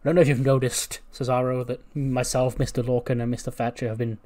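A man's voice: medium pitch, flat delivery, quick pace, mellow, close to an everyday voice. A man voicing a formal, condescending male wrestler who speaks with stiff politeness. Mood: smug.

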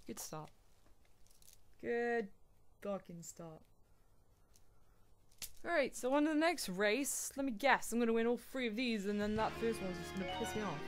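A young woman commentating a racing game casually, swearing often and yelling at other racers. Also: fairly high pitch, fast, hardly any pauses. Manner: swears a lot, yells and wails at the game. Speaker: gaming YouTuber. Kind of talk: casual let's-play commentary. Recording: game music behind the voice.

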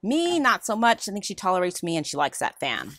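A woman vlogger with a fairly low voice chats fairly quickly about her shopping haul in a room at home. She rambles chattily from one item to the next, her delivery full of lively ups and downs.

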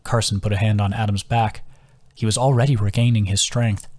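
A man, the author, reading his own novel as an audiobook in a calm, even storytelling manner. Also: lowish voice, a little fast, no room sound. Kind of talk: audiobook narration.

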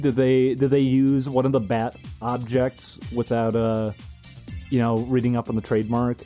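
A man's voice: mid-range voice, steady tone, moderate pace, warm tone, faint music behind. A young man streaming, rambling through casual commentary with frequent amused laughs.

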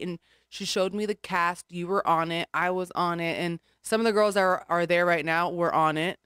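A woman's voice: fairly low pitch, fairly even intonation, moderate pace, a bit bright, clear, resonant tone, dry recording, studio quality. A woman guest in a casual podcast chat, rambling frankly and swearing casually.

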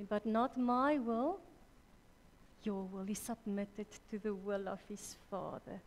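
A woman preaching a sermon at a church women's conference, slow and deliberate, correcting herself mid-sentence. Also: medium pitch, a little mellow. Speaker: conference speaker. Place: church hall. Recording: reverberant church hall.

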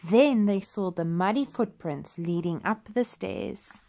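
A woman reading a children's storybook aloud in a clear, gentle read-aloud manner. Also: medium pitch, takes it slowly.

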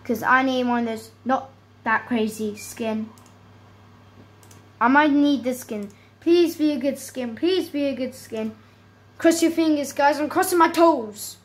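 High-voiced excitable woman gaming. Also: unhurried, low-quality recording. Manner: excitable, chatty, talks to viewers. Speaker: gaming channel host. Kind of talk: casual gameplay commentary.

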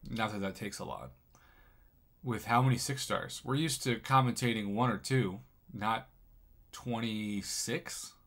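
A man commentating on someone else's game crystal openings, excitable and jokey, with sudden loud bursts of surprise. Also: medium pitch. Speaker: gaming commentator.

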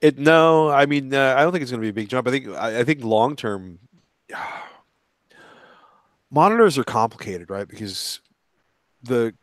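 A man's voice: fairly low pitch, dry recording. A man talking as a guest on a live panel, rambling through his points and acting out little quoted exchanges. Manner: rambling, animated asides with acted-out quotes. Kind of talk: casual panel discussion.

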